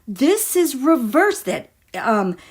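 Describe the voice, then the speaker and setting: A woman's voice: high voice, very animated, slow pace, husky. A woman giving a casual tarot reading to her viewers, musing and dramatic as she talks through the cards. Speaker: tarot reader.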